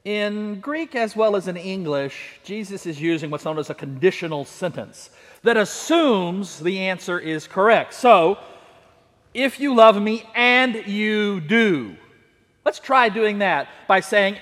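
A man preaching a sermon, animated and leading call-and-response with his congregation in a church. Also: high-pitched, measured pace. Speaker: pastor. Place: church sanctuary. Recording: long hall reverb.

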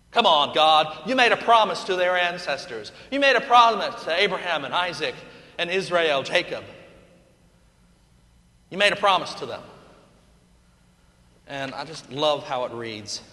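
A man preaching a sermon, telling the story in an animated way with playful asides. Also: high-pitched, normal speed, long reverb tail.

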